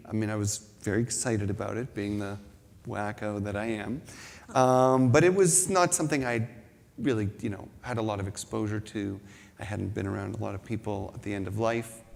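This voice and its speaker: A man's voice: fairly low pitch, creaky, darkish tone. A man giving a reflective spiritual talk, telling a personal story with self-deprecating humor. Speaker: spiritual speaker. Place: large hall at a spiritual center. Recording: long reverb in a hall.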